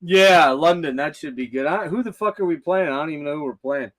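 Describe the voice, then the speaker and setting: A man's voice: on the high side, fairly quick. Rambling, swearing older man streaming. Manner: loose, profane, laughing rambling. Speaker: host. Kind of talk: casual livestream chat.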